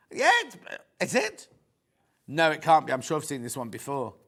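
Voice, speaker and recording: A man's voice: on the high side, fairly bright tone. Chatty British man selling sewing fabric. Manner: chatty, teasing, reading out prices and viewer messages. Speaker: shopping channel presenter. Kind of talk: live sewing shopping show chat. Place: TV studio.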